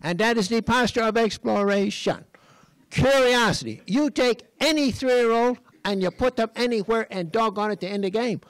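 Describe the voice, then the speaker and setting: Folksy older man with a high voice. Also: moderate pace, few pauses, dry recording, poor audio. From Western Massachusetts, USA. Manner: folksy and animated, frequent throat clearing. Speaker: speaker at a design college talk. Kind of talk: storytelling talk. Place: lecture stage.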